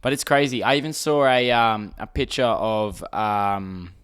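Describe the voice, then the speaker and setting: A man's voice: on the low side, steady tone, measured pace, fairly bright tone, smooth. A young Australian man hosting a casual solo podcast, ranting in an exasperated way, swearing and restarting his sentences. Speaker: podcast host.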